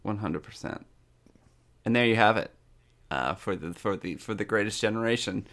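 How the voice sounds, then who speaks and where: A man's voice: lowish voice, moderate pace, a bit bright. Wry young man co-hosting a comedy podcast. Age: young adult. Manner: wry, mock-exasperated, stammering restarts. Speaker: podcast co-host. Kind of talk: casual comedy chat.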